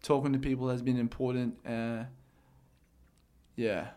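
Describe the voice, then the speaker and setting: A man's voice: medium pitch, flat delivery, measured pace, mellow. A young man, talking candidly and rambling in a casual chat. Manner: candid, rambling, repeats words.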